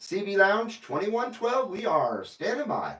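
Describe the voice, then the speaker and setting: A high-pitched man works the CB radio, calling out handles and chatting in a casual, rambling way. He sits back from the mic in an echoey room, with a faint hiss underneath. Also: very animated, a little slow, fairly bright tone. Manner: friendly, repeats call numbers, rambling asides. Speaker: CB radio operator hosting a livestream. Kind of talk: casual radio call-outs and chat. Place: radio station room in Carson City, Nevada. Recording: roomy, distant mic, faint noise.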